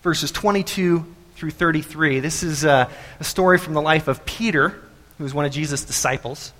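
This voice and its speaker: Pastor guy preaching, bright kinda high voice, lots of uhs, long church echo. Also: normal speed. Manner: conversational, with frequent fillers and restarts. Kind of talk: sermon. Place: church sanctuary.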